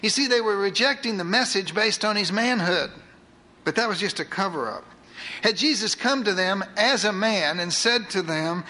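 A man preaching a sermon, retelling scripture with lively asides to his congregation. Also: sits high, moderate pace, poor audio. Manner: animated storytelling with asides to the congregation.

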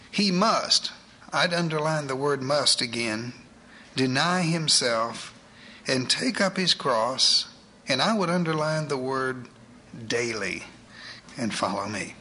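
A man preaching a morning sermon, emphatic, with rhetorical questions and dramatic pauses. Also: high-pitched, sharp tone, rough recording. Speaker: pastor.

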